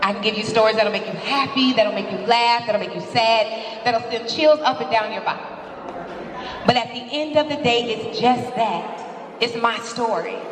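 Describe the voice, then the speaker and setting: A woman's voice: a little high, a bit bright. A woman giving a passionate, candid motivational speech as a guest speaker, live before an audience in a large hall. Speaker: guest speaker at a women's seminar. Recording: echoey hall from far off.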